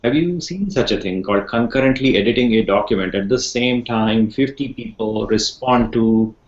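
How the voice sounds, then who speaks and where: This instructor is a man with a lowish voice speaking at a normal pace. He teaches an online class over a video call, rambling a bit, repeating words and putting questions to his students. The call audio sounds echoey and muffled.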